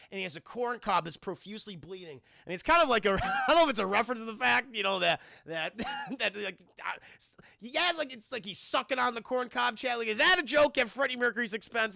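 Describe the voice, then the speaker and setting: A man's voice: sits high, creaky, pushed and bright, no room sound, studio quality. A man reviewing a film for his stream chat, telling the plot in a loose, profane ramble and calling out to the chat. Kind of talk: casual spoiler recap.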